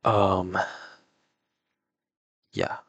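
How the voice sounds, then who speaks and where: A young adult vlogger from Toronto, Canada, tells a personal story in a laid-back, rambling way, loaded with "like" and "um" fillers, mumbling asides as he works on a puzzle. His voice is deep, gravelly, husky and a bit bright, with big pitch swings and a very slow pace. The audio is dull, with no room sound.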